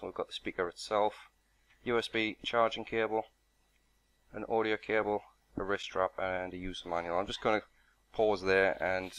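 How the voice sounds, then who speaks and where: A man's voice: low voice, fairly bright tone, dry recording. A man narrating an unboxing and product walkthrough in a matter-of-fact, explanatory way. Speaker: product reviewer.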